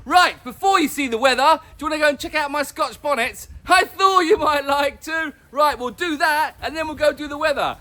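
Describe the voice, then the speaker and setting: A man's voice: very high voice, a little fast, hardly any pauses, sharp tone. A man hosting a casual, jokey weather vlog outdoors in his garden, chatting straight to the viewer. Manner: playful, jokey, talks to the viewer. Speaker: weather update host.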